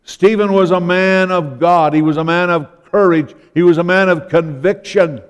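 A man's voice: high voice, fairly even intonation, moderate pace, smooth. A man preaching a sermon, retelling scripture stories and voicing the people in them. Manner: storytelling, acting out the biblical speakers. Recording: long hall reverb.

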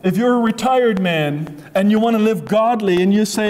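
A man's voice: high voice, moderate pace, a little mellow. A man preaching a sermon, emphatic and repetitive, piling up phrases for effect. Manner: emphatic, repetitive, acts out voices in asides. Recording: long reverb of a large hall.

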